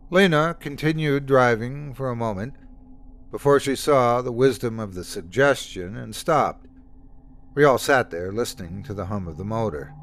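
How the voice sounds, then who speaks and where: A man's voice: medium pitch, lively intonation, normal speed. A man reading a horror story as the host of a storytelling channel, in a tense, suspenseful way. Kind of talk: scripted horror narration.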